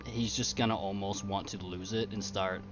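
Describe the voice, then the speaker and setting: A man's voice: on the low side, fairly even intonation, moderate pace, background noise. A man playing a tabletop game, rambling in a profane, fired-up way. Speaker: player. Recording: dull lo-fi mic.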